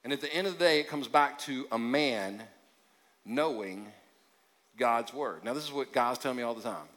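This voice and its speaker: A man's voice: mid-range voice, normal speed. Joking preacher man in a big hall. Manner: conversational preaching, joking, with sudden drops to quiet emphasis. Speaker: pastor. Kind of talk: sermon. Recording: long hall reverb.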